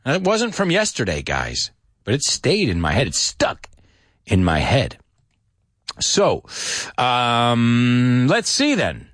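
Playful, animated male language-show host. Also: medium pitch, slow, long pauses, no echo, clean studio sound. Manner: playful, animated, switches between English and Spanish. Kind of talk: live-streamed English lesson.

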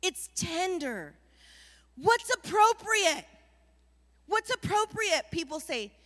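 A woman pastor delivers an animated sermon and keeps calling the congregation to respond. Her voice sits high and carries a long reverb from a large church sanctuary. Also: takes it slowly. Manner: animated preaching with call-and-response.

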